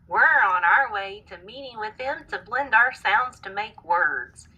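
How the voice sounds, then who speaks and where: A woman's voice: medium pitch, lively intonation, a little slow, pushed and bright, slightly rough, muffled recording, heavily acted. A woman voicing a friendly group of vowel characters in a storybook, welcoming and inviting.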